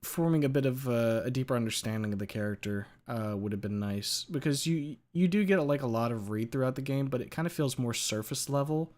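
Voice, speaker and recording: A man of ordinary mid pitch hosts a relaxed chat. He thinks aloud, circling back and restarting his sentences as he gropes for the right term. The delivery is easygoing and unscripted. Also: fairly quick, few pauses. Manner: thoughtful, hesitant, many filler words. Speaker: podcast host. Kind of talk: casual chat.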